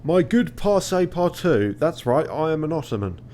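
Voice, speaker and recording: A man voicing a pompous airship captain in a game, declaiming his lines loudly and slowly. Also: on the high side, sing-song, slight background noise, voice pushed up. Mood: grandiose.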